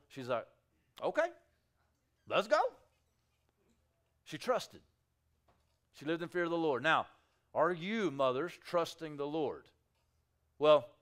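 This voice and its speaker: A man preaching a sermon to his congregation, swinging between quiet, intimate asides and loud, emphatic peaks, with acted-out quotes. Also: on the high side, clear, resonant tone. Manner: emphatic preaching with rising shouts and quiet drops. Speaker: pastor. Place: church sanctuary.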